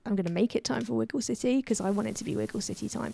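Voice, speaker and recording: A woman's voice: a little high, quick pace, gravelly, dark tone, dry recording. A woman streaming a game, chatting casually, giggling and reading chat aloud, her voice a little worn. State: voice a bit worn.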